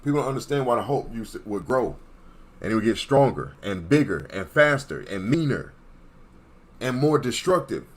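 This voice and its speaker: A man's voice: mid-range voice, very animated, normal speed. A man giving an emphatic, preachy monologue as an online commentator, repeating points and checking in with his listeners. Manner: emphatic, repetitive, checks in with "Okay?".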